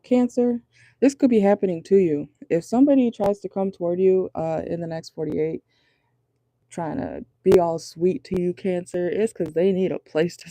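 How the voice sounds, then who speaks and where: A woman's voice: on the low side, warm tone, no echo. A woman giving a casual, chatty tarot reading to her viewers, blunt and crude, laughing often. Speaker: tarot reader.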